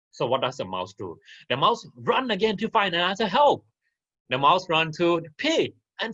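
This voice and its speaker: A man's voice: high-pitched, sing-song, moderate pace, fairly bright tone, breathy edge, highs cut off. A man teaching an online class, telling a farmyard story and asking his listeners questions as he goes. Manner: interactive, asks the audience questions.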